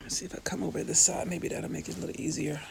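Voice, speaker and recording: A tired woman, chatting softly and a bit weepily to viewers on a live stream from her bed at home. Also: low voice, level tone, very fast, creaky, background noise. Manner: soft and tired, weepy, talks to viewers by name. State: tired and low on energy. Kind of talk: casual live-stream chat. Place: bedroom at home.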